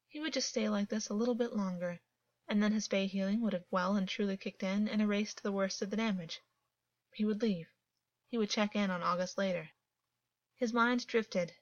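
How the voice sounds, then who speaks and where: A woman reading fiction aloud as a narrator, calm and even in her storytelling. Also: medium pitch, no room sound. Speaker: audiobook narrator. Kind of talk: scripted narration. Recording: dull, dry, lo-fi.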